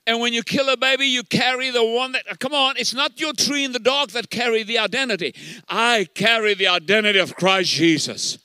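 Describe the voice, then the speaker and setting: An older male pastor preaching with a high, bright voice. His tone is clear and smooth, recorded dry and close. He presses his points hard and repeats words for stress. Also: fairly quick, no room sound. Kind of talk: sermon.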